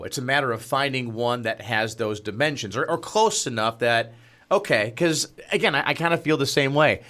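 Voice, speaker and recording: A man's voice: mid-range voice, fairly bright tone. A man co-hosting a podcast, chatting casually and easygoing, often reacting with short replies. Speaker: podcast co-host. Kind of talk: casual chat.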